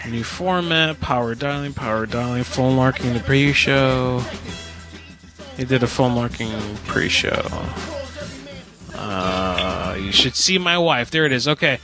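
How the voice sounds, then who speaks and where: A male podcast host in casual chat, excitable and swearing freely. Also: medium pitch, a little slow, music in the background.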